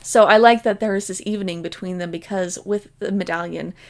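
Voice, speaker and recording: A woman casually summarizing a book's plot in a chatty way, deeply invested in the story. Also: steady tone, brisk. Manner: chatty, retells the plot with "like" and "basically". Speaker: book vlogger. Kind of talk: casual spoken book summary.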